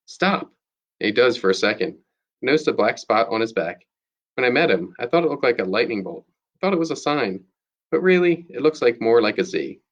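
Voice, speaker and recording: A man, a teacher, reading a novel aloud to his students in a steady, plain storytelling manner. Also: medium pitch, a little fast, dull audio.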